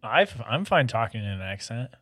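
Bright-voiced man with quick quips. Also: mid-range voice, very animated, no room sound. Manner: short, joking interjections. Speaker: podcast co-host. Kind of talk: casual chat.

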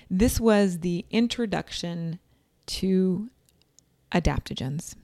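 Gravelly, warm-voiced woman storyteller. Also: lowish voice, takes it slowly, no echo, clean studio sound. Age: 40s. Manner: chatty, animated, with quoted asides. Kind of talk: personal storytelling monologue.

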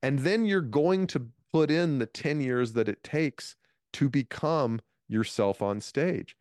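A man in his fifties, a comedian guest, telling stories from his career in a lively interview. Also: mid-range voice, slow, no room sound, studio quality. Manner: animated storyteller, restarts phrases. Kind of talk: storytelling interview talk.

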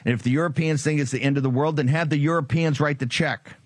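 A man's voice: a little high, steady tone, fast talker, no echo. Sarcastic, combative male political host in a dry, close studio sound, taunting his opponents. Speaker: political talk show host.

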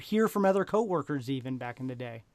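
A man's voice: medium pitch, expressive, fast, a little mellow, no echo. A man hosting a casual interview, prompting his guest with eager questions. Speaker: podcast host.

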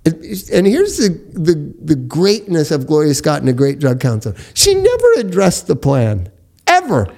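Gravelly guy hosting a podcast, talks in a slightly high voice, laughs while telling stories. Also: moderate pace. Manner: animated storytelling, laughs often. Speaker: podcast host. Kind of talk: casual chat.

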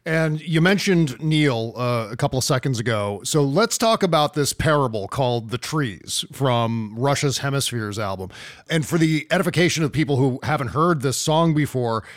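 A man hosting a podcast, speaking with a measured, announcer-like delivery. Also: mid-range voice, lively intonation, no echo, clean studio sound. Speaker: podcast host. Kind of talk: casual podcast talk and lyric reading.

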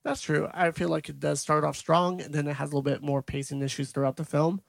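A man's voice: fairly high pitch, little pitch movement, quick pace, vocal fry, dry recording. A young man co-hosting a movie podcast, recapping scenes in detail in casual chat. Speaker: podcast co-host.

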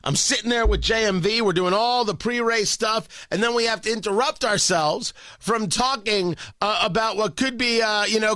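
A man's voice: high-pitched, normal speed, hardly any pauses, no echo. A man hosting a talk radio show, opinionated and sarcastic, bantering and joking in the studio. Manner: animated, sarcastic, jokey.

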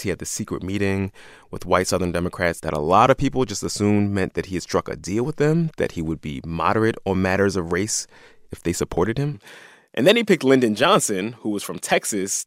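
A man's voice: lowish voice, no echo, studio quality. A man co-hosting a podcast, telling a history story in a casual, jokey way and laughing often. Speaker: podcast co-host.

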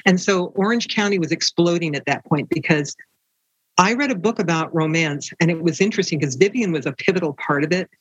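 A woman's voice: lowish voice, fairly quick, breathy edge, no room sound, lo-fi sound. An older woman, a romance author, telling stories in an interview and acting out the voices of the people she quotes. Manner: animated, acts out quoted voices. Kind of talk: storytelling interview.

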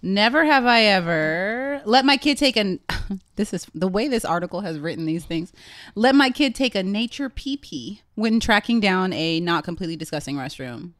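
Playful mom reading game questions, voice bounces up and down, dry sound. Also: female voice, mid-range voice, animated, moderate pace, a bit bright, no echo. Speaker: podcast co-host, mother of boys. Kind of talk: casual chat, reading game prompts.

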